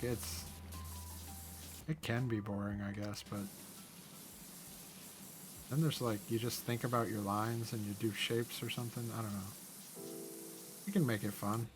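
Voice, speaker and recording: Chatty young man rambling over game music. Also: lowish voice. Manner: rambling, chatty, easily amused. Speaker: gaming channel host. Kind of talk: casual let's-play commentary. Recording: game music playing underneath. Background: background game music.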